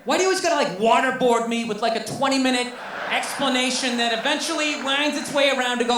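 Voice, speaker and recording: A man's voice: extremely high pitch, fairly quick. A male stand-up comedian performing a routine, telling exasperated, profane stories and acting out the people in them. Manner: profane, exasperated storytelling with mock-quoted voices. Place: stand-up special played back in a room. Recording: roomy, distant, noisy playback.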